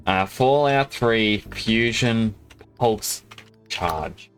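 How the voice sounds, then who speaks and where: A man's voice: on the low side, extremely slow, soft background music. Chatty Australian man streaming a game. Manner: chatty, rambling, self-interrupting. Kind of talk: casual gameplay commentary.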